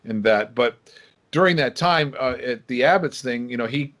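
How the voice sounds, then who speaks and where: A man in his sixties tells a long personal story as a guest on a podcast. His voice sits at a plain middle pitch, and he talks casually, acting out the lines of the people in the tale with lively energy. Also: normal speed. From Michigan, USA. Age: 60s. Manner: lively storyteller who acts out quoted dialogue.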